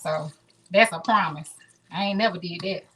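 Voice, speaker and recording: A woman's voice: on the low side, moderate pace, sharp tone, husky. A woman in her thirties hosting a casual live cooking stream from her home kitchen, chatting straight to her viewers. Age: 30s. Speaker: home cooking show host.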